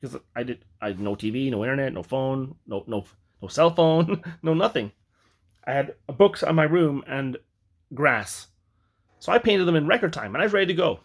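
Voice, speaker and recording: A man's voice: mid-range voice, lively intonation, normal speed. A man from Ireland telling a personal story in a rambling, reflective way, often breaking off to correct himself. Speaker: vlogger.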